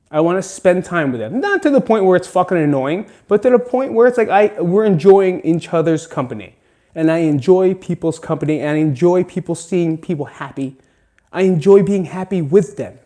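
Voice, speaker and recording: Earnest, swearing man, mellow voice. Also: a little high. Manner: swears often, emphatic, earnest and confessional. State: close to tears. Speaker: podcast host. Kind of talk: emotional solo podcast monologue.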